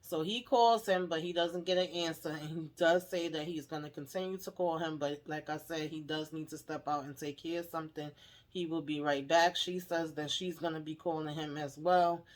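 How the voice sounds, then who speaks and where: A woman's voice: low-pitched, fairly even intonation, normal speed. A woman hosting a casual TV episode recap, chatty and emphatic, often tagging on "okay?" and "you know". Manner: laughs while retelling. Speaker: TV recap host.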